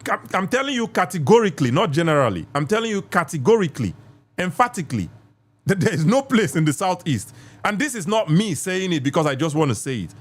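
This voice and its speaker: Nigerian male podcast host, fairly high voice, animated delivery, firm and lecturing with callers. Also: fast talker. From southeast Nigeria. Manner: assertive, lecturing, repeats for emphasis. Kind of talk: live call-in debate.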